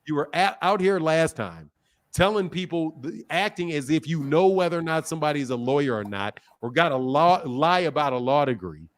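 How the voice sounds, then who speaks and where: A man's voice: fairly high pitch, expressive, brisk. A middle-aged man hosting a boxing live stream from his home desk, taunting and mocking a caller and laughing often while leaning into his computer mic. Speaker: boxing channel host. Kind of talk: heated live-stream argument.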